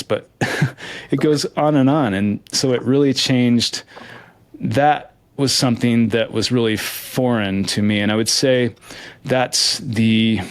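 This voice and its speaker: A man's voice: medium pitch, no echo. A man giving candid, reflective interview answers, earnest and hesitant with frequent restarts. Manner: earnest, hesitant, with many restarts and soft laughs. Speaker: interview guest, lottery winner.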